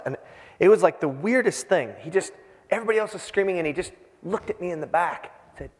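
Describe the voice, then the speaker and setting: A man's voice: sits high, animated, fast talker, big-room sound. A middle-aged man from Minnesota giving an informal sermon as a pastor, rambling and self-deprecating with many fillers. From Minnesota, USA.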